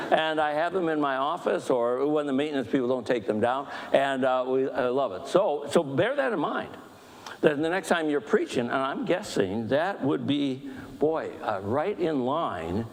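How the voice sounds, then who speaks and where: Fast-talking man leading a church talk. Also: a little high, vocal fry, long reverb tail. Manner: fast-talking, animated, self-deprecating humor. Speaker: book discussion leader. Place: church hall.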